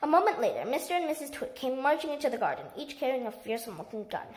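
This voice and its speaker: High-voiced woman reading a children's story. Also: big pitch swings, racing. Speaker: storybook reader. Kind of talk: reading a children's book aloud.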